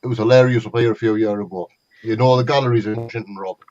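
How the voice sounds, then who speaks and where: A man's voice: fairly low pitch, fairly even intonation, fast talker, darkish tone, lo-fi sound. A man with a North East English accent telling swearing, laughing stories in casual chat with friends. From North East England. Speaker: gamer chatting with friends on a stream.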